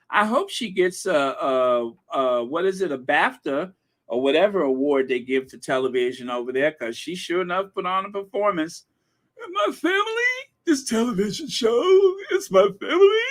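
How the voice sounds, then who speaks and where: Man, high voice, slow deliberate pace, sarcastic, indignant, gossip commentary. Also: a bit bright. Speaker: commentary channel host.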